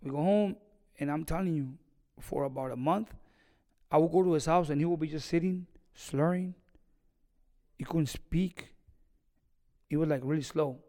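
A boxing trainer telling a story in an interview, animated and acting out the conversations he recalls. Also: on the high side, moderate pace, pauses often, big-room sound.

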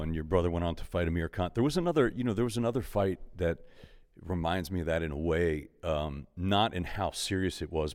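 A man's voice: deep voice, a little mellow, long reverb tail. A male interview host who talks in a casual, conversational way with a few fillers.

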